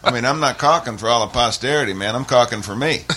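A man's voice: mid-range voice, fast, bright, forceful tone, slight background noise. A man in his forties telling a rambling, self-mocking comic story. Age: 40s. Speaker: comedian. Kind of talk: stand-up comedy bit in conversation.

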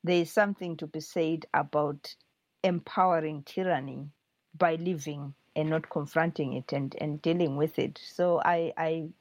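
A woman's voice: low-pitched, darkish tone, no echo. A woman author answering questions thoughtfully, often restarting her sentences.

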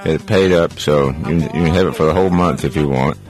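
A deep-voiced man hosting a call-in radio show. He rambles in a loose, joking way as he chats with callers. Soft music sits faintly behind him. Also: a little fast. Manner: rambling, jokey, chatty. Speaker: radio talk show host. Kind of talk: casual call-in radio chat.

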